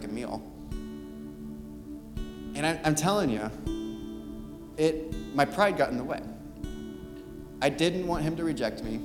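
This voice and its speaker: Young male youth preacher, earnest and chatty, slightly high voice, reverberant church hall. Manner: earnest, conversational storytelling with fillers. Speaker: youth speaker. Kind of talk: sermon. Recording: long hall reverb, music behind. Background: soft guitar.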